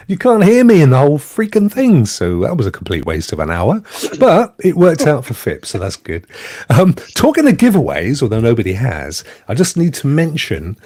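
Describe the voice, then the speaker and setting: A man's voice: mid-range voice, huge pitch swings, normal speed, darkish tone, no room sound, studio quality. A man hosting a casual gaming livestream, jokey and chatty, thanking viewers by name. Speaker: host.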